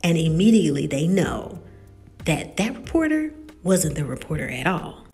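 A woman casually recapping a TV episode, retelling the story in an animated way. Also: low-pitched, normal speed, faint music behind. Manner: animated retelling with quoted dialogue. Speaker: TV recap host.

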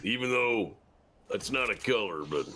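A man's voice: lowish voice, animated, normal speed, bright, forceful tone, a little hiss or hum. A man from Missouri chatting and joking with a friend while gaming, laughing often. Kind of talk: casual gaming chat.

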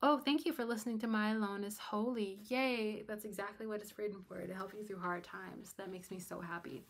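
A young adult woman hosting a casual livestream chat. She talks to her viewers directly, animated and emphatic. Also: medium pitch, fairly quick. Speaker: livestream host.

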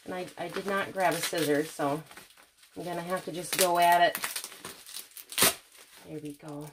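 A woman with a Midwestern accent, filming an unboxing vlog at home on a camera on a tripod, gushing and gasping with excitement. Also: lowish voice, moderate pace, very noisy. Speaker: vlogger.

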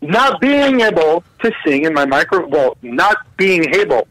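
A man with a bright, lively, fairly high voice that swings around a lot. He joins a radio interview by phone and answers playfully, stalling with fillers and breaking into laughter. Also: measured pace, no room sound, poor audio. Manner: joking, hesitant, full of fillers and laughter. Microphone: telephone.

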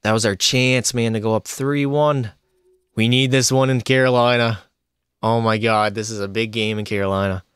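Smooth-voiced man on a gaming stream. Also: on the low side, normal speed, no room sound, studio quality. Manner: excitable, frustrated, addresses chat as boys. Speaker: streamer playing a hockey video game. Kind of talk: live gameplay commentary.

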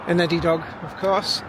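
Male vlogger with a high voice, walking and chatting by a loud road, slightly winded. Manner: chatty and self-amused, chuckling often. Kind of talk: casual walking vlog chat. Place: outdoors beside a busy road. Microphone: handheld camera, built-in mic. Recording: loud traffic noise outdoors.

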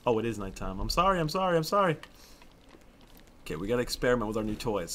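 A young man doing casual Minecraft let's play commentary, excitable and swearing often, with sudden loud outbursts. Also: mid-range voice, fast. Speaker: gaming YouTuber.

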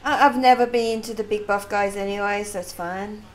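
A woman's voice: medium pitch, fairly even intonation, brisk, soft background music. A woman hosting a let's-play and giving chatty, giggly commentary on the game. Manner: giggly, chatty, reacting with bursts of laughter. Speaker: gaming channel host.

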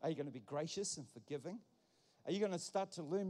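High-pitched guy pastor preaching, punchy repeating wordplay, big echoey church. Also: animated, fast talker, warm tone. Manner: emphatic, repetitive wordplay preaching. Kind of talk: sermon. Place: church hall. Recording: long church hall reverb.

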